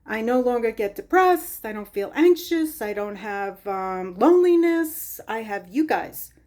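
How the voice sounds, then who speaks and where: A woman's voice: fairly high pitch, expressive, measured pace, darkish tone. A retired woman giving a chatty, meandering craft room tour, out of breath, filmed on a handheld phone. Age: older. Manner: chatty, meandering, with many ums. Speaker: craft vlogger. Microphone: phone held in hand.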